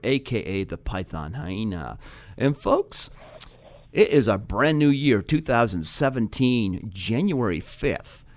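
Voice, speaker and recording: A man's voice: medium pitch, darkish tone, dry recording. A man hosting a community radio interview show, speaking casually with fillers and a friendly tone. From Canada. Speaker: radio host.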